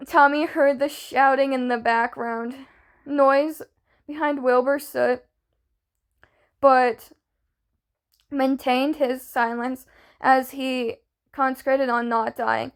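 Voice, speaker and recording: Young woman reading a story slowly. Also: sits high, flat delivery, clear, resonant tone. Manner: stumbles and restarts words, slow. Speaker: fanfiction reader.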